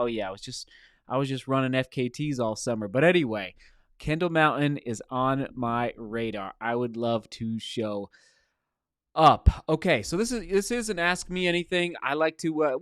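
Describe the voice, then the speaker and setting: A man's voice: mid-range voice, a bit bright, no echo, studio quality. A middle-aged man hosting a casual live Q&A stream from a motel room, greeting viewers by name in an upbeat way.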